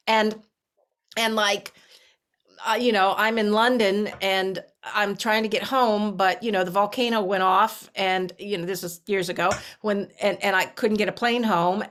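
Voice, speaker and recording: A middle-aged woman, a guest in an interview, telling a personal story with lively voices for the people in it and many restarts. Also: mid-range voice. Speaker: herbalist guest.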